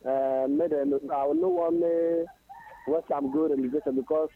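Halting Nigerian caller on a phone line. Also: male voice, a little high, wildly swooping pitch, gravelly, no echo. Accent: Nigerian Pidgin English. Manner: halting, many fillers. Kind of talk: phone-in sports chat.

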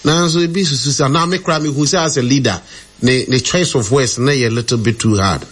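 Man, radio interviewer, mid-pitched, hesitant and stammering. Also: fast talker, fairly bright tone, slight background noise.

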